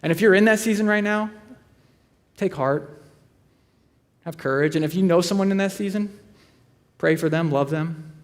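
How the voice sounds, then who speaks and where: A man in his thirties preaching a sermon, telling stories with dry humor and slowing to a quiet delivery on serious points. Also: sits high. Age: 30s. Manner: conversational storytelling with dry humor. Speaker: pastor.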